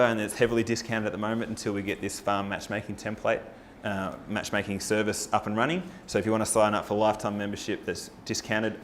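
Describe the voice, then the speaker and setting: Male presenter, low register, upbeat persuasive forum pitch. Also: slight background noise. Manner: energetic, rallying, with rhetorical questions to the audience. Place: live talk at a farming forum.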